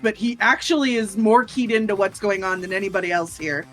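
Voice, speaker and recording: A woman streaming a video game, chatting casually with a co-host and tossing out quick asides. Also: medium pitch, steady tone, a bit bright, soft background music. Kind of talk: casual gaming banter.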